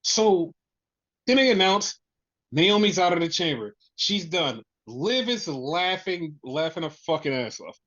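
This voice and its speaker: A man co-hosting a casual wrestling review podcast, telling the story excitedly, with lots of swearing and repetition. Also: fairly high pitch, measured pace, lo-fi sound. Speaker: podcast co-host.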